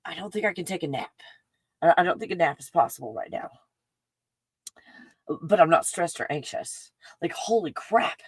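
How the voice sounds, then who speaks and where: A chatty woman with a Texan accent rambles excitedly through a casual livestream, her voice sitting fairly low. She piles on fillers as she talks. The sound is close and dry, with no room echo. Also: moderate pace, pauses often, slightly rough. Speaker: livestream host. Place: home in the mountains.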